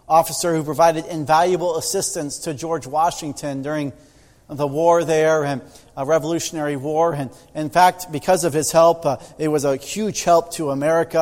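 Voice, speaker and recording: High-voiced male preacher in a reverberant hall. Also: a little mellow. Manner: storytelling preacher, acting out quoted voices. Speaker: pastor. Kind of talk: sermon.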